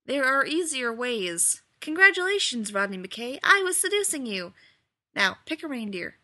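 A woman's voice: high-pitched, sing-song, normal speed, pushed and bright, heavily acted. A woman reading the part of an easygoing, teasing man elf in a storybook tale.

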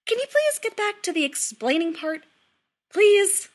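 A woman voicing a flustered, exasperated young man who gets shrill and impatient. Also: sing-song, measured pace, bright, forceful tone, exaggerated voice.

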